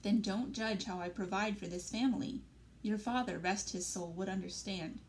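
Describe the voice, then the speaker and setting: A woman reading aloud and voicing a worn, tender mother, speaking softly and gently with a pleading tone. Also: medium pitch, moderate pace, slight background noise, natural voice. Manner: gentle, pleading, soft-spoken. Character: worn, tender working-class mother of a grown daughter. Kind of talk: read-aloud storybook dialogue.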